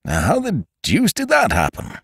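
A man voicing an excitable, blustering young English schemer who stammers and bursts out indignantly. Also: a little high, moderate pace, creaky, slightly rough, no room sound, studio quality, voice pushed up, full character voice. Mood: bewildered.

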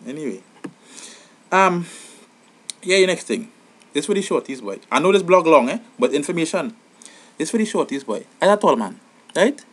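A young man giving comic advice in an animated, exasperated vlog monologue. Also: normal speed, pauses often. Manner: animated, exasperated, rising to high outbursts. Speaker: vlogger.

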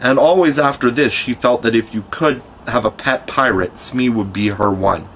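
A man reading a classic children's novel aloud in a measured, expressive storytelling voice. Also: mid-range voice, slight background noise, low-quality recording. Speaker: audiobook reader. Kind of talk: scripted narration.

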